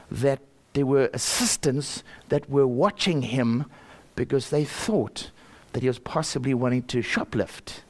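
An older South African man tells a personal faith story earnestly and animatedly, frequently repeating words and chuckling. His voice is mid-range.

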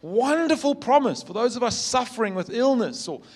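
A man, a pastor, preaching a sermon with earnest storytelling, emphatic repetition, and shifts between loud emphasis and soft, quiet passages. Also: extremely high pitch, sing-song, normal speed.

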